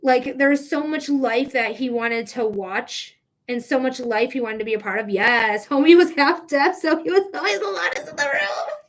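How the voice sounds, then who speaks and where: A woman with a high, bright-pitched voice gives a live-streamed psychic reading. She chats loosely, filling her speech with "like" and laughing easily. She is open with her feelings as she talks. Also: normal speed. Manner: chatty, heavy use of "like", emotional and laughing. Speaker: psychic reader.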